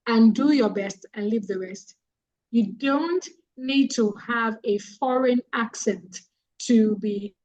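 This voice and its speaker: Heard through poor audio, a high-voiced woman delivers an earnest webinar guest talk about public speaking, returning to key phrases again and again for emphasis.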